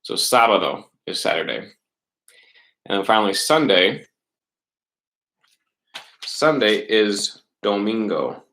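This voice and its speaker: Male teacher, lowish voice, patient webcam lesson delivery with frequent check-ins. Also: expressive, a bit bright, slight background noise, poor audio. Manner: patient, repeats words slowly, fillers and checks like "right?". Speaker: middle school Spanish teacher. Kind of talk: recorded online class lesson.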